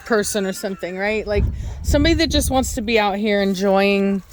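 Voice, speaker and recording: A woman chatting casually outdoors, loud and talkative, often calling out to her dogs. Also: mid-range voice, a little fast, slight background noise, rough recording. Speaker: vlogger and dog breeder. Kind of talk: casual outdoor vlog chat. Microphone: handheld phone camera.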